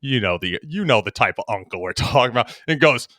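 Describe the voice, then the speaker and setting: A young man co-hosts a podcast, telling animated stories in casual chat and laughing a lot. His voice is medium-pitched and brisk, recorded with clean studio sound and no echo.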